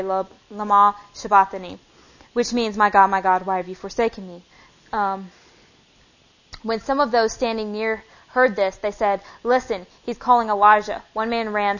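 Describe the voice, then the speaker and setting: A young woman giving an informal, chatty sermon and reading scripture, acting out conversations as she goes. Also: medium pitch. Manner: chatty and animated, acting out dialogue. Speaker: lay preacher. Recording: dull lo-fi recording.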